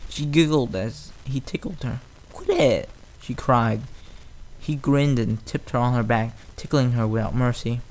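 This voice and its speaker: A man's voice: mid-range voice, fairly even intonation, normal speed, few pauses, darkish tone. A man narrating a fan story aloud, plain reading with occasional restarts.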